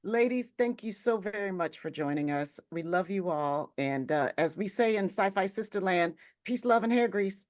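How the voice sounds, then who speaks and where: A woman's voice: medium pitch, expressive, normal speed, hardly any pauses, no room sound, studio quality. A woman co-hosting a livestream panel, chatting casually and laughing often. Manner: laughs often, warm interjections. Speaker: co-host.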